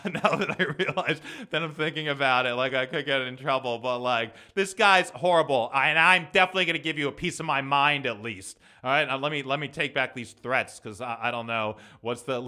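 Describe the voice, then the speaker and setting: A man's voice: on the high side, bright, forceful tone, clean tone. A young man hosting his own podcast, talking in a heated, profane, ranting monologue. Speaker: podcast host and comedian.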